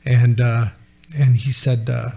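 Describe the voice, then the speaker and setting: A man's voice: mid-range voice, flat delivery, takes it slowly, vocal fry, darkish tone. A man, a podcast guest, earnestly telling a personal faith testimony and retelling conversations line by line.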